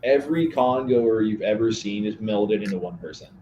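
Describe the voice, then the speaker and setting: A man's voice: on the low side, normal speed, dark tone, muffled recording, a little hiss or hum. A man playing a tabletop game, describing his character in a laid-back, rambling way. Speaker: player. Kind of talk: casual chat describing a character.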